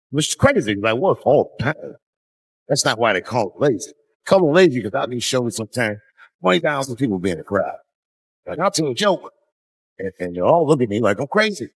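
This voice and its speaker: A man in his forties performing a loose, profane stand-up set, drawling with sudden jumps in pitch. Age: 40s. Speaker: stand-up comedian.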